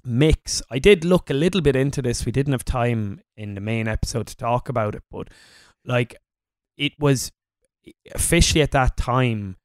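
A man co-hosting a history podcast, talking casually in a relaxed, rambling way with plenty of fillers. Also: medium pitch, moderate pace, dry recording. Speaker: podcast co-host.

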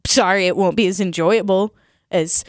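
A woman's voice: mid-range voice, fairly even intonation, moderate pace, no room sound, clean studio sound. A woman performing an improvised comedy sketch, blunt and mock-scolding, often cutting in.

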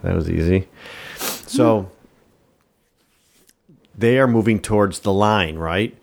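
A man's voice: deep voice, slow, vocal fry. A man co-hosting a podcast, recapping a film in a rambling, profane casual chat. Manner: rambling, swears often, tries silly accents.

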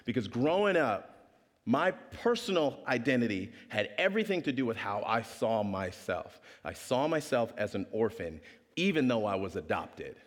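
Animated male preacher in a reverberant hall. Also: mid-range voice, normal speed. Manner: animated storyteller acting out voices. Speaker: pastor. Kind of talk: storytelling sermon.

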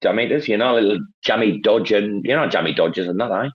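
A man's voice: fairly low pitch, quick pace, slightly rough. Sweary Northeast English man, lo-fi. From Northeast England. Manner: loud, sweary storytelling. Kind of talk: casual chat.

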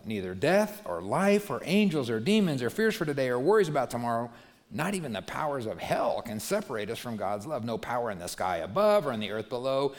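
A man preaching to a young congregation, animated, swinging between loud emphasis and quiet asides. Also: mid-range voice. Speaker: youth pastor. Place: church hall. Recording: long hall reverb.

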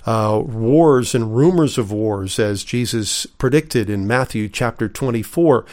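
A man from the United States giving a recorded Bible lesson, reading scripture aloud with pauses and earnest emphasis. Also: mid-range voice, a little mellow. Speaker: Bible teacher.

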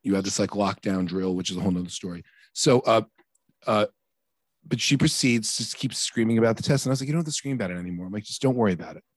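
Fast-talking exasperated dad telling a story. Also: male voice, fairly low pitch, dry recording, clean studio sound. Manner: animated, exasperated, acts out quoted dialogue. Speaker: podcast co-host. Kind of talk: casual storytelling chat.

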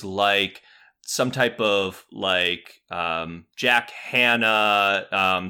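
A man's voice: on the low side, bright, forceful tone, smooth. A man in his thirties hosting a podcast, chatting casually and rambling with lots of fillers. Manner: rambling, many fillers and restarts. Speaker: podcast host. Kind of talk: casual chat.

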